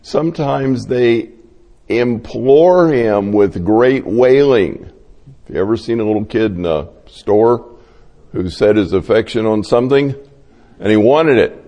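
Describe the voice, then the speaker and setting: A male pastor gives a sermon at a deliberate, unhurried pace. He tells stories and acts out the voices of the people in them. His voice carries a long reverb from a large hall. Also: lowish voice, mellow. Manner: slow, storytelling delivery acting out quoted voices.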